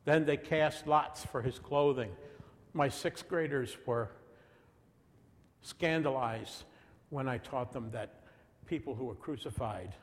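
Slow-preaching man in a reverberant hall. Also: medium pitch. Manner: dramatic reading with dips to a hush. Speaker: pastor. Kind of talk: sermon. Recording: long reverb of a large hall.

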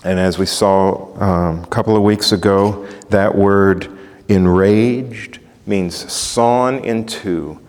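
A man's voice: fairly low pitch, steady tone, slow, darkish tone, long reverb tail. A man preaching a sermon, emphatic and building in intensity through repetition. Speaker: pastor.

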